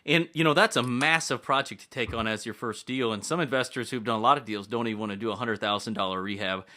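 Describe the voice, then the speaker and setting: A man's voice: mid-range voice, fast talker, pushed and bright. A man hosting a podcast interview, chatting casually and encouraging his guest. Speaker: podcast host.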